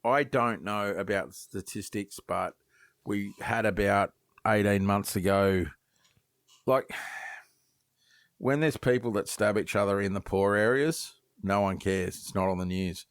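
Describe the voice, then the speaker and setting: Deep-voiced Australian man telling stories. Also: measured pace, no echo, clean studio sound. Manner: lively storyteller, swears freely, acts out quoted voices; many false starts and repeated words. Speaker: guest knifemaker. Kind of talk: casual podcast interview.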